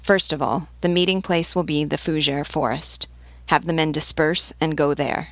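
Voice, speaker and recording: A woman's voice: sits low, fairly even intonation, normal speed, no echo. A woman reading the part of a cold, ruthless aristocratic general who gives curt, clipped orders in an audiobook. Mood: coldly commanding.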